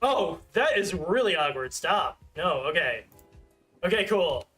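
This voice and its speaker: A man's voice: sits high, big pitch swings, unhurried, bright, forceful tone, faint music behind. A man in his thirties chatting casually on a livestream, rambling and self-deprecating with lots of fillers. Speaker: streamer.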